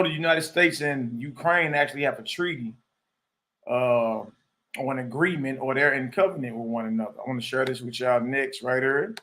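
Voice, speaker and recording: A man's voice: mid-range voice, fairly bright tone. A man hosting a live stream, chatting casually and reading a document aloud with loose asides.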